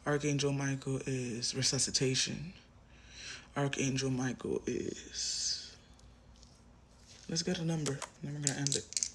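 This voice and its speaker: A man reads tarot for a collective audience, speaking straight to the viewer in a medium-pitched, slightly bright voice. His tone is steady and his pace measured with frequent pauses, and there's slight background noise; he's impassioned and emphatic, repeating phrases, swearing, and sometimes dropping to a whisper.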